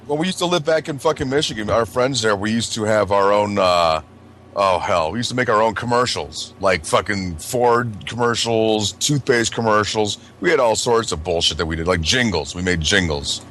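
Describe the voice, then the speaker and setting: A man's voice: fairly low pitch, moderate pace, a bit bright, slight background noise. A man co-hosting a casual podcast who tells blunt stories full of swearing. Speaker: podcast co-host. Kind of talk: casual chat.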